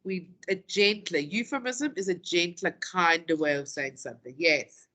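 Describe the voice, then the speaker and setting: A woman teaching a classroom lesson, playful and dramatic, stretching out key terms slowly and acting out example phrases. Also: lowish voice, pushed and bright. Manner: playful, acts out quotes in dramatic voices.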